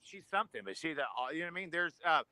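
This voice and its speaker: High-voiced man laughing through chat. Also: lively intonation, rapid-fire, sharp tone, rough recording. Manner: laughs often, easygoing. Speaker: guest, stagehand. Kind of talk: casual chat.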